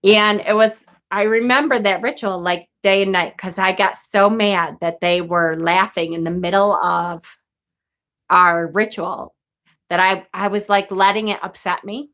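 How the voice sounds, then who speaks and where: A woman in her forties with a bright, clear voice, talking casually to her audience. She rambles, backtracks and laughs often as she tells a story. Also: mid-range voice, steady tone, measured pace. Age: 40s. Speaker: witchcraft vlogger.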